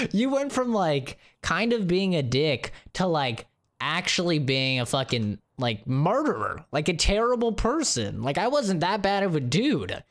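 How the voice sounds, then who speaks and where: A man's voice: on the high side, measured pace. A man chatting casually on a live stream, ranting animatedly with lots of swearing and laughter. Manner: animated, profane, laughing rants.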